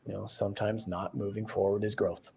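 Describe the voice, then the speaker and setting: A man's voice: on the low side, level tone, brisk, vocal fry, dark tone, breathy edge. A man co-hosting a podcast in casual chat, rambling and reflective, laughing often. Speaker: podcast co-host.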